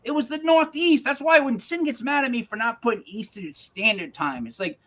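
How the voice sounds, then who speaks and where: A man's voice: very high-pitched, lively intonation, normal speed, fairly bright tone. A man co-hosting a live paranormal news show, chatting casually and wandering off on jokey tangents. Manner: rambling, goes off on tangents, jokey. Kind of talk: casual chat.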